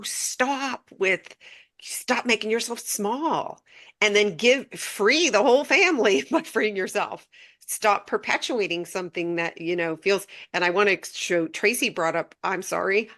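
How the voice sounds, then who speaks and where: A woman's voice: medium pitch, a bit bright. A woman co-hosting a podcast, talking bluntly and motivationally about spirituality and swearing casually. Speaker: podcast co-host.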